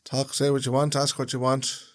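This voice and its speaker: A man's voice: mid-range voice, completely flat delivery, a little fast. Man explaining at rambling length. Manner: rambling, explains with long examples. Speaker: podcast co-host. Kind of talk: casual chat.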